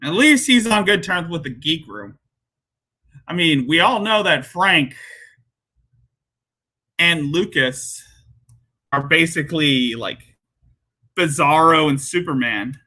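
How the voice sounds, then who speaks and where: A man hosting a reaction commentary, mocking and sarcastic, with jumpy high exclamations. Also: expressive, slow, pauses often, bright, forceful tone. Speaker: commentary host.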